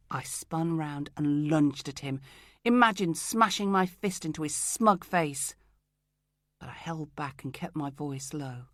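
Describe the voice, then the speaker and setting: A woman narrating a first-person crime novel in a steady, controlled way, close to the mic. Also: lowish voice, no room sound. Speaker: audiobook narrator.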